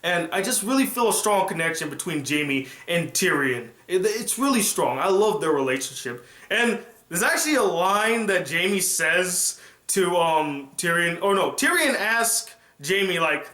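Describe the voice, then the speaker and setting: A man giving a casual, animated reaction review of a TV episode, retelling scenes excitedly. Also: high-pitched, normal speed, roomy sound.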